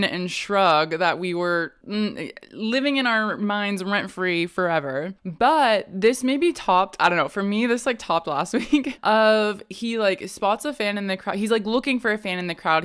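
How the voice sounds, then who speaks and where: Woman, podcast co-host, mid pitch, rambling storyteller, casual chat. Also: fairly bright tone, smooth.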